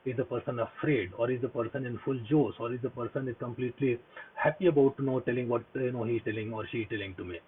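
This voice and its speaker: A man's voice: medium pitch, quick pace, slight background noise. A man giving an earnest motivational talk on mindfulness, repeating himself with many fillers and restarts. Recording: husky voice over a tinny phone-like line.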